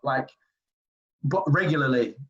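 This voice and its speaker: A man in his forties from England, telling basketball stories in a casual interview, animated and rambling with many fillers. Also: medium pitch, unhurried. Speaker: streetball player guest. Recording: dull lo-fi audio.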